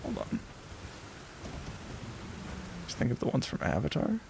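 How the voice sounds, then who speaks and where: Laid back guy streaming a game, gravelly voice, slow and jokey, noisy mic. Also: medium pitch, wildly swooping pitch. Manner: playful, laughing, teasing the game. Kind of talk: casual live gameplay commentary.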